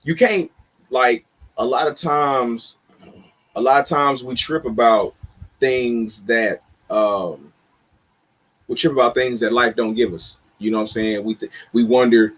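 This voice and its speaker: A man co-hosting a casual talk show, hammering his points with heavy stress on single words. His voice is husky and a little rough. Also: medium pitch, unhurried, a bit bright. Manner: emphatic, lectures with stressed words. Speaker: podcast co-host. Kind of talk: casual chat.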